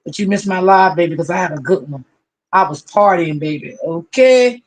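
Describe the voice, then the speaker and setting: In casual stream chat, the host names viewers individually and draws out every greeting, affectionately using honey and baby. The voice sits at a medium pitch and moves at a moderate pace.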